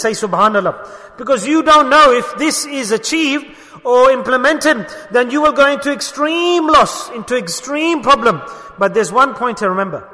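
A man preaching a sermon in an emphatic way, asking rhetorical questions and dropping to soft murmurs. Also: extremely high pitch, moderate pace, big-room sound.

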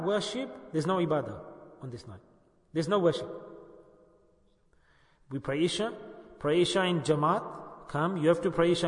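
Older high-voiced preacher, echoey hall. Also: male voice, fairly bright tone. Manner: rhetorical, keeps questioning the listeners, light humor. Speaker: shaykh leading a dhikr gathering. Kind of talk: informal sermon. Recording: echoey hall with long reverb.

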